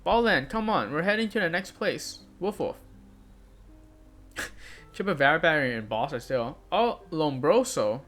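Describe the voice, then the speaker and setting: Bright high-voiced young man reading game lines. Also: animated, normal speed, soft background music. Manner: reads character lines aloud with light voicing, laughs and confused asides. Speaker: gamer. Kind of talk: let's play commentary, reading game dialogue aloud.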